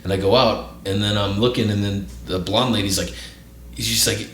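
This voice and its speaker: Male podcast host, lowish voice, loose profane storyteller; echoey room. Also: steady tone, normal speed. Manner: profane, rambling, says "right?" often. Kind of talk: casual storytelling. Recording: echoey room with faint noise.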